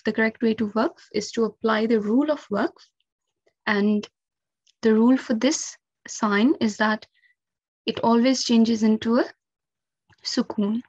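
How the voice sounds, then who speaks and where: Woman recitation teacher, slow and patient, fairly high voice, dull lo-fi sound. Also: darkish tone, no echo. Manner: patient, careful step-by-step explanation with frequent 'um' and 'okay'. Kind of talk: instructional lesson.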